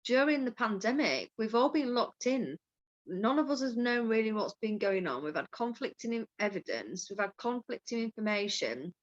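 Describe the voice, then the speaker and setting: A woman's voice: fairly high pitch, very animated, moderate pace. A woman, a mindfulness coach, talking frankly and casually, swearing now and then and laughing easily. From Yorkshire, England. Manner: open, frank, swears freely, laughs often. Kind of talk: candid conversational chat. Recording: dull lo-fi call audio.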